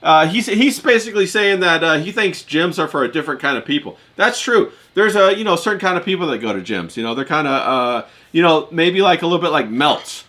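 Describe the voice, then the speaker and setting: A man's voice: on the high side, expressive, fairly quick, hardly any pauses, bright, forceful tone. A man hosting a casual chat, reading out viewers' messages in a laid-back way with plenty of fillers. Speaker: host.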